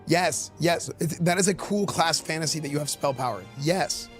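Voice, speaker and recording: A man streaming live, talking in an excitable, rambling way, leaning on fillers and repeating himself as he thinks aloud. His voice sits a touch high for a man, with faint music playing underneath. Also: normal speed. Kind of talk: live-stream commentary reacting to game questions.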